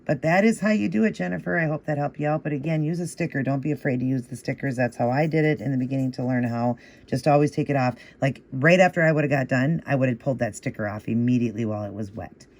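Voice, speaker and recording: A man hosting a nail art tutorial, explaining each step in a patient, encouraging way and repeating the moves in a steady rhythm. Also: mid-range voice, quick pace, few pauses. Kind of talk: casual step-by-step tutorial narration.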